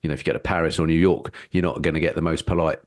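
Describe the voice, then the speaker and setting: Deep-voiced, well-spoken Englishman talking quickly. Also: little pitch movement, no echo, studio quality. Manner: articulate, fond of tag questions. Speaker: podcast guest, motovlogger. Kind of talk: casual podcast chat.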